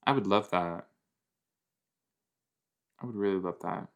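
Male podcast host, slow and chatty, low voice, loud exclamations between quiet asides. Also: vocal fry. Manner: chatty, exclaims loudly then mumbles; talks to himself, quick jumps between soft and loud. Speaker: podcast host reacting to a TV episode. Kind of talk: casual watch-along commentary.

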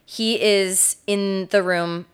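A woman's voice: medium pitch, steady tone, slow, clean tone. A woman co-hosting a casual true-crime podcast, walking her co-host through a case and acting out the quotes.

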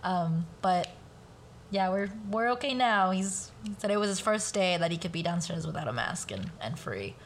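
Woman who speaks spanish at home, chatty podcast guest, lively storytelling, swears a bit, faint hiss behind her. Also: fairly low pitch, normal speed. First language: bilingual, speaks Spanish at home. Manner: animated, quotes family members, swears casually. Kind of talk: casual conversational storytelling.

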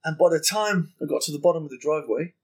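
A man guest on a podcast, telling a story in casual conversation, animated and swearing freely while acting out what people said. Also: fairly high pitch, quick pace, slightly rough.

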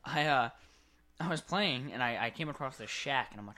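A man co-hosting a casual podcast, telling animated gaming stories and acting out scenes. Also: mid-range voice, a little fast. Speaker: podcast co-host. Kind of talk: casual chat.

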